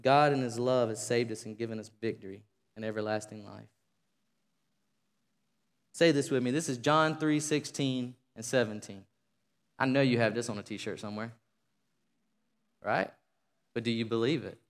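A man preaching a sermon to a congregation, rising to fervent shouting and leading call-and-response. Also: mid-range voice, steady tone, normal speed, pauses often, clean tone. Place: church sanctuary. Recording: long reverb of a large hall.

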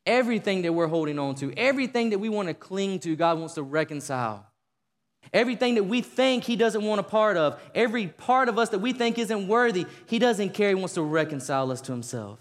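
A man preaching in a church sanctuary, his fairly high voice swelling into fervent shouts as he leads the congregation in repeating lines. Long reverb from the large hall trails behind every phrase. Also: lively intonation, a little fast. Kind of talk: sermon.

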